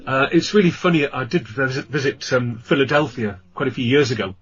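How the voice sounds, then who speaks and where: Husky-voiced English storyteller on radio. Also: male voice, medium pitch, expressive, brisk. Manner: rambling anecdotal storytelling with many fillers. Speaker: ghost tour guide and storyteller. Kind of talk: radio interview guest. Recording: dull lo-fi radio audio.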